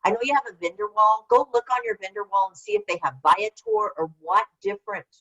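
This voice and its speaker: A woman's voice: medium pitch, expressive, fast, a bit bright. An older woman presenting an online workshop in a casual, rambling way, answering typed questions as she goes. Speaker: webinar presenter. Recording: slightly dull lo-fi call audio.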